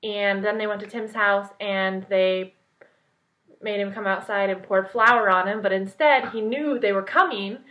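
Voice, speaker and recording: A young woman vlogging, telling a story in an excited, rambling way full of "like". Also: mid-range voice, unhurried. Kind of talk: casual storytelling vlog. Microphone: point-and-shoot camera mic. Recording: dull lo-fi camera audio.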